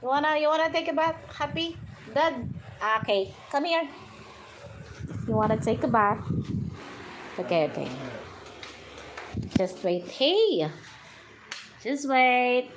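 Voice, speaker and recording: Slow-talking high-voiced Filipino woman. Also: animated, slight background noise, low-quality recording. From Philippines. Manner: slow, chatty and playful, coaxing her pet bird and thanking viewers. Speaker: vlogger hosting a livestream. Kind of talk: casual live chat.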